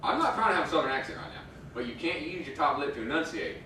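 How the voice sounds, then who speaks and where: A man's voice: on the high side, sing-song, racing, sharp tone, a little hiss or hum. A man trading stage banter with puns, then performing a rhythmic spoken-word poem. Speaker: slam poet performer. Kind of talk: stage banter and slam poetry. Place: indoor stage at a live venue. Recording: echoey hall from far off.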